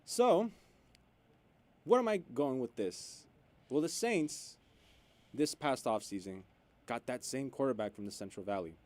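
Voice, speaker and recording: A man co-hosting a radio sports show, chatting casually and getting loud and animated when worked up. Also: medium pitch, moderate pace. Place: radio studio.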